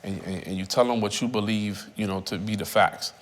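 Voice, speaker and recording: Man, 30s, low voice, reflective testimony, reverberant room. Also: fairly even intonation. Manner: reflective, halting, repeats phrases. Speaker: interviewee. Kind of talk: personal testimony.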